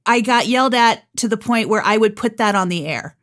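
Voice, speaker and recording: A woman who works as a radio host and audiobook narrator co-hosts a podcast, chatting casually and telling stories. Her fairly high, slightly bright voice moves briskly with lively intonation.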